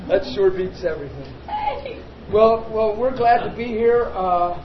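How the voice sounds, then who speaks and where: Chatting and joking with his congregation, a male pastor gives an informal sermon in a high voice with lively intonation and an unhurried pace. The sound is roomy and dull, recorded in a meeting room with the crowd audible behind him.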